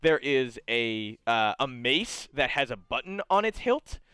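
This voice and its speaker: A man's voice: mid-range voice, sing-song, sharp tone, smooth, no echo, clean studio sound. Man narrating as game master. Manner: halting, full of fillers and restarts. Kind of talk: improvised tabletop game narration.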